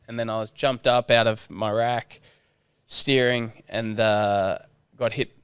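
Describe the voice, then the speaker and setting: Smooth-voiced Australian man telling stories. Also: lowish voice, measured pace, dry recording. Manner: relaxed storyteller, swears freely, acts out quotes. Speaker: guest sailor. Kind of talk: casual podcast chat.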